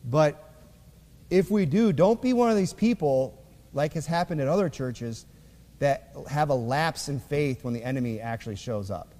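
A man's voice: a little high, expressive, normal speed, warm tone. Man preaching in a reverberant hall. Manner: conversational preaching with many fillers, reads scripture aloud. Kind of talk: sermon. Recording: long reverb of a church hall.

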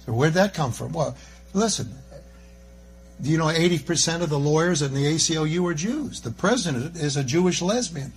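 A man's voice: a little high, lively intonation, moderate pace, pauses often. An older man preaching a sermon in a folksy, rambling way, full of jokey asides.

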